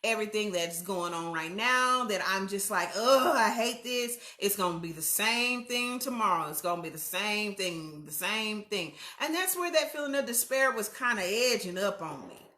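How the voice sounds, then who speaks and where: A woman's voice: mid-range voice, expressive, normal speed, hardly any pauses, sharp tone, reverberant. A woman hosting a casual livestream, candid and chatty, speaking straight to her viewers. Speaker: host.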